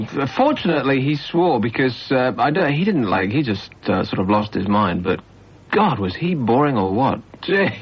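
A man hosting a late-night radio phone-in with sarcastic, quick-witted banter. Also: mid-range voice, slightly rough. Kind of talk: casual chat. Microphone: studio microphone. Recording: dull, muffled radio broadcast.

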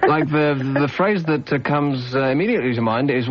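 A man's voice: fairly high pitch, brisk, a little hiss or hum. A man hosting a late-night radio phone-in, joking and teasing his callers in casual banter over a studio microphone. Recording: slightly dull radio broadcast sound.

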